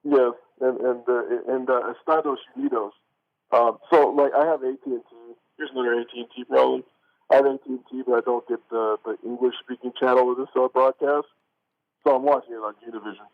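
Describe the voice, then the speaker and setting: A man with a mid-range, fairly even voice talks briskly as co-host of a laid-back sports radio show, heard through a tinny phone line. His speech wanders, full of restarts, fillers, and "like", and he laughs often.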